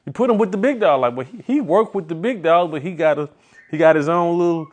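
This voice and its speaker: A man hosting a casual interview, asking questions in a relaxed, slangy way and often speaking softly. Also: a little high, fast. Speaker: interview host.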